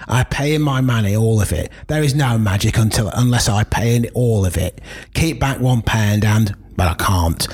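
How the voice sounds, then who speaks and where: A man putting on a husky Cockney gambler. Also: mid-range voice, close to an everyday voice. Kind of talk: reading a novel aloud.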